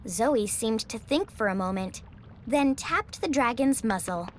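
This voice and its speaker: Woman narrator, children's storybook, lively and expressive, slow and careful. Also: fairly high pitch, slight background noise.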